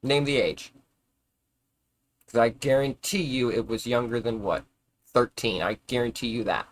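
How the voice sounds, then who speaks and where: On a live stream, a man with a medium-pitched voice rants casually at an unhurried pace, with a slight hiss or hum in the audio. He rambles, swears, and argues, frequently stumbling and restarting his words.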